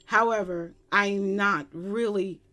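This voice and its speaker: A woman from Long Island, chatting casually as a music reaction vlogger at her computer, excitable and giddy, with bursts of squealing. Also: mid-range voice, slow pace. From Long Island, New York. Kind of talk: casual chat.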